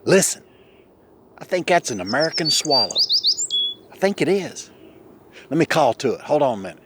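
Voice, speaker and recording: A man chatting casually on an outdoor vlog, hushing and coaxing while he walks and sits to listen for birds. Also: a little high, very animated, normal speed, background noise. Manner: hushed, coaxing, folksy. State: a bit out of breath. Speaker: vlogger. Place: outdoors in woods.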